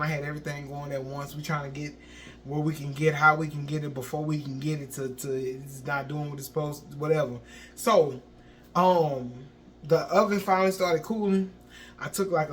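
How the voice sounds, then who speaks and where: A man's voice: fairly high pitch, fairly bright tone, slight background noise. A young man, telling a story in a vlog and acting out sounds and his own panic. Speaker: vlogger.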